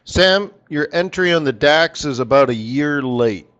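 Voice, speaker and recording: Guy hosting a live trading stream, animated and chatty, bit high voice, kinda dull lo-fi audio. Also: unhurried. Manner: chatty and animated, talks to viewers by name. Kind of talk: live casual teaching stream.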